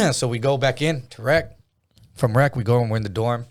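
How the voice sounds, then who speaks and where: A middle-aged man telling profane, animated stories with acted quotes in casual conversation. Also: medium pitch, moderate pace. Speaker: comedian guest. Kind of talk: casual storytelling.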